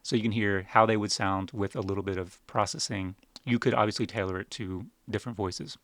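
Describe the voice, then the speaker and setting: A man's voice: fairly low pitch, a little fast. A man reviewing podcast microphones in a casual, wry, step-by-step demonstration, speaking close into a studio dynamic mic at a home setup. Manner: relaxed, wry, explains step by step.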